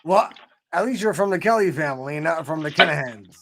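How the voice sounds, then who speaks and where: A man's voice: a little high, expressive, fairly quick, sharp tone. A man in a casual live chat, joking around and often stammering as he starts his sentences. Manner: joking, hesitant with stammered restarts. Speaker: chat guest.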